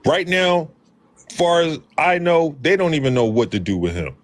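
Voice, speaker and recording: A man's voice: a little high, big pitch swings, moderate pace. A man in a heated casual debate, speaking insistently and pressing pointed questions.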